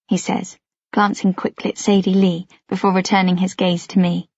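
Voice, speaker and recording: A woman reading a first-person story aloud in a soft, measured narration. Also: lowish voice, flat delivery, dry recording, lo-fi sound. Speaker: audiobook narrator.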